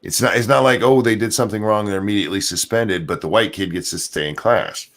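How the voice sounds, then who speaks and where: A man's voice: fairly low pitch, quick pace, fairly bright tone. A man in casual podcast chat, explaining his view with a wry tone. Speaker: podcast co-host.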